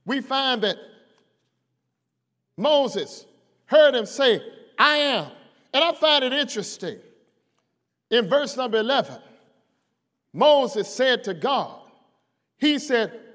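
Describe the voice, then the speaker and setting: A man preaching a sermon to his church, slow and emphatic, building to shouted lines. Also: extremely high pitch, animated. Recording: long hall reverb.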